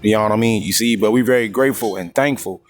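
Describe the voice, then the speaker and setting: A man preaching on scripture in a coarse, heated way, reading verses slowly and drawn out and checking in with the listener again and again. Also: fairly low pitch, slight background noise. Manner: constantly repeats "you see?" and "you know what I mean?". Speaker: street-style preacher.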